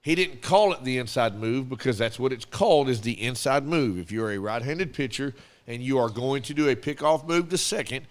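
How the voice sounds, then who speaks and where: A man's voice: mid-range voice, lively intonation, a little fast. A man co-hosting a casual podcast, telling sports stories and acting out the conversations he had. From American South. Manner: storytelling, acts out quoted exchanges. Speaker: podcast co-host. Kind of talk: casual chat.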